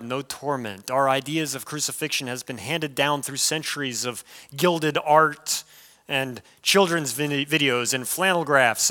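With a fairly high-pitched voice, a man delivers a sermon as a pastor, keeping it conversational and lively and frequently breaking off for asides to the congregation.

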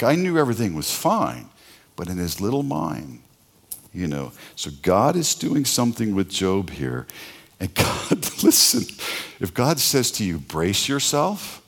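Deep-voiced man preaching conversationally. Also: gravelly. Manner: conversational storytelling with pauses, asides and rhetorical questions. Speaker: pastor. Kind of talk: sermon.

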